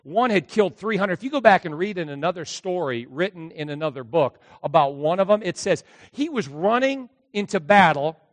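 A male pastor preaching a sermon, telling a story with lively acted-out dialogue and bursts of shouting. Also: high voice, brisk, hardly any pauses, no room sound. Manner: animated storytelling, acts out dialogue, shouts at peaks.

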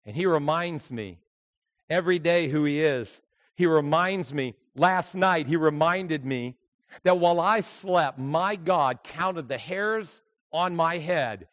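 A male pastor preaching a sermon, moving between quiet, intimate storytelling and loud, shouted exhortation. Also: on the high side, lively intonation, slow, no echo.

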